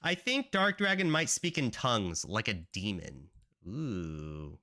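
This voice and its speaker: In a casual live-stream chat, a game developer rambles along, leaning heavily on fillers. His voice is on the low side yet very animated, unhurried, pushed and bright.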